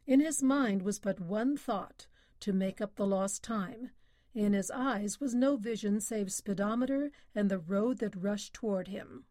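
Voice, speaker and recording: A woman's voice: mid-range voice, measured pace, dark tone, no room sound. Woman narrating a story, dry close sound. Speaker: audiobook narrator. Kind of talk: scripted narration.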